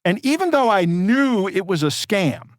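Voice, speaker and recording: Male co-host, a touch high-pitched, dry close sound, rambling casual storyteller. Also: very animated, unhurried, no room sound. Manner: rambling, many restarts and fillers. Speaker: podcast co-host.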